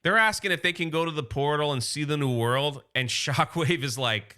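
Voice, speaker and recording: A man's voice: fairly high pitch, animated, normal speed, few pauses, bright, forceful tone, smooth. A man recapping a comic book in a casual, enthusiastic way, paraphrasing loosely with lots of "like".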